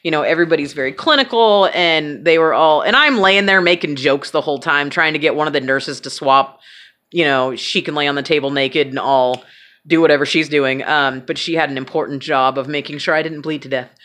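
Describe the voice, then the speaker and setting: A woman's voice: low-pitched, brisk, a bit bright. A woman telling a personal story in a casual, candid way, swearing freely and joking at her own expense. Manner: candid, swears freely, self-mocking humor. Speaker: vlogger.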